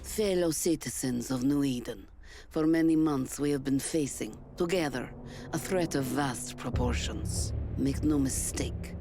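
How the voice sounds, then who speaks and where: An actress playing a stern female military commander with a light Russian accent, delivering a grave, measured public statement in a game trailer. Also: a bass voice. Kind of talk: dramatic game-trailer voice acting. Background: loud music.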